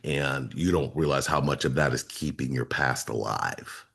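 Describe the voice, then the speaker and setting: A man with an extremely low, husky voice talks in an earnest, explanatory way. He often repeats himself for emphasis, like a coach walking listeners through his program. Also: moderate pace, fairly bright tone. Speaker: relationship coach, co-host. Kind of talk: casual explanatory talk.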